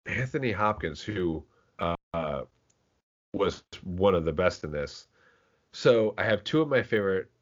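Deep-voiced man rambling about movies. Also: animated, unhurried. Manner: rambling, restarts often, swears casually. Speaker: podcast co-host. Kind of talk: casual movie chat. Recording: dull lo-fi podcast audio.

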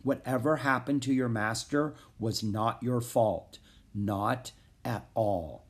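A man voicing Jack, a thoughtful young boy who talks softly and soothingly to a horse. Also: on the high side, a little slow, voice pushed up. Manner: soft, calm, soothing.

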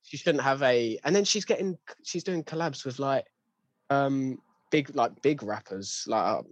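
A man's voice: medium pitch, unhurried, no echo. A young man in a casual chat, ranting with lots of slang and restarts.

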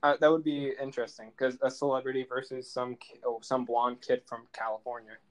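A man's voice: medium pitch, little pitch movement, fairly quick, poor audio. A young man co-hosting a casual podcast chat, rambling and laughing often. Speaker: podcast co-host.

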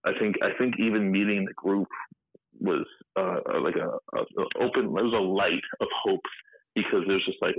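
A low-pitched man in his thirties with a gravelly, husky voice talks in a halting, filler-heavy way and acts out the voices of people in his story. The sound is tinny and dry, like a phone line. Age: 30s. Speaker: guest. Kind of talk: candid interview over a phone line.

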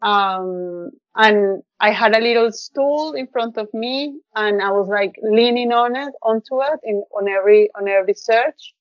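As a podcast guest in a casual storytelling interview, a woman with a mid-range voice shares a personal story, effusive and heartfelt, her speech full of little fillers. The sound is dry with no room around it, and somewhat dull and lo-fi.

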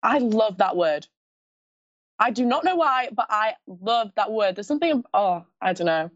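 Speaking at a moderate pace in an animated, mid-range voice, a young adult woman from Scotland talks casually as a pageant contestant being interviewed. She has a mild lisp, giggles, chats freely, and restarts sentences a lot; the audio is dull with no room sound.

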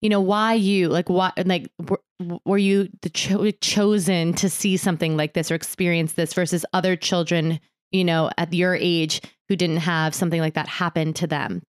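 A woman's voice: fairly low pitch, fairly even intonation, normal speed, smooth, no room sound, studio quality. A woman podcast host asking rambling, restarting questions in a casual interview.

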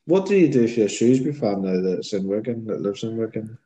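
A man with a Shropshire accent co-hosting a casual football podcast, chatty and quick to laugh at himself. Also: fairly low pitch, lively intonation, dark tone, rough recording. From Shropshire, England. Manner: chatty, laughs often, self-mocking. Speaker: podcast co-host.

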